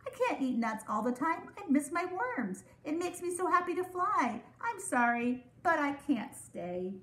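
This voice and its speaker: A gentle, kind male songbird, read aloud by a woman. His voice is soft and high in a storybook telling. The reading room rings with echo. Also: big pitch swings, unhurried, heavily acted. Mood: apologetic. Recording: echoey room.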